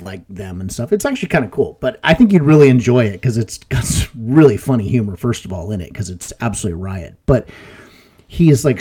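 A man co-hosting a podcast, chatting casually in a rambling way, laughing often and acting out scenes loudly. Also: mid-range voice, slightly rough. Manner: rambling, laughs a lot, acts out scenes in a loud voice. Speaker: podcast co-host. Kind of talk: casual chat.

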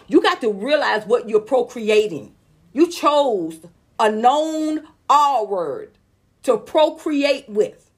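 Woman gossip vlogger, high voice, heated and outspoken, slangy, talks to viewers. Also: breathy edge. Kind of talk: celebrity gossip commentary.

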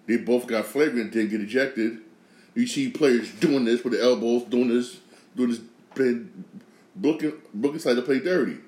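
A man's voice: mid-range voice, darkish tone. A man hosting a podcast, giving opinionated sports and news commentary in an emphatic way, repeating phrases and restarting sentences. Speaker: podcast host. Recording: echoey room.

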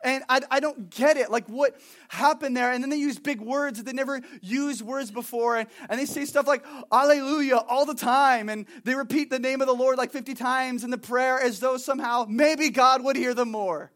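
A young man preaching a sermon in a conversational, animated way, acting out little asides. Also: extremely high pitch, moderate pace. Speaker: pastor.

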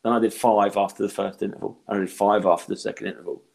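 A man's voice: fairly low pitch, little pitch movement, quick pace, creaky, darkish tone. A middle-aged man, a stand-up comedian, telling stories in casual podcast chat, swearing freely and acting out voices.

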